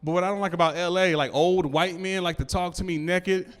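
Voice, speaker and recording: Smooth-voiced man doing stand-up. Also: high-pitched, steady tone, a little fast. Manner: loose, conversational, rambling with stammered restarts. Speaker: stand-up comedian. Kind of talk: stand-up set before a live audience. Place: comedy club stage.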